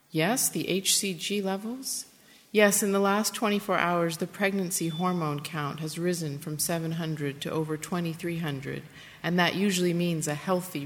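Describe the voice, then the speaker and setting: A woman with a low, grounded voice reads from her own book in an intimate, unhurried way, pausing now and then with small hesitations. The sound is recorded in a roomy space with a long tail of reverb. Faint noise sits behind her. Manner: intimate, plain-spoken reading with hesitant asides. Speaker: author reading from her book. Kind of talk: reading aloud from a memoir.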